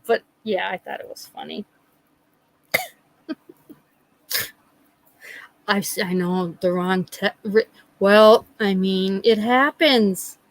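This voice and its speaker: A middle-aged woman hosting a live chat, telling a funny story in a lively, laughing way. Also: mid-range voice, slow, long pauses, no echo, poor audio. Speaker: livestream host.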